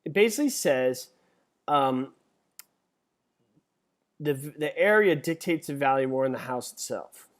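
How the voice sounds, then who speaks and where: A middle-aged man teaching a live webinar as an exam instructor, chatty and joking, reading multiple-choice questions out slowly. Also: medium pitch, expressive. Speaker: real estate exam instructor.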